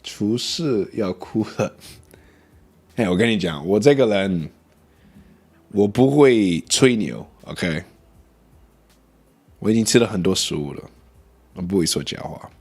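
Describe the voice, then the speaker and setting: A man's voice: on the low side, expressive, measured pace, pauses often, a little mellow, slightly rough. A man streaming as a vtuber, chatting casually about food and reading chat, switching between English and Mandarin.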